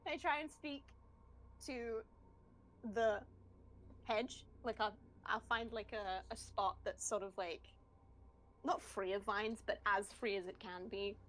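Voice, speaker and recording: A woman's voice: medium pitch, steady tone, takes it slowly, long pauses, a bit bright. A woman playing a tabletop role-playing game, talking hesitantly with many fillers and giggles. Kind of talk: casual role-play chat.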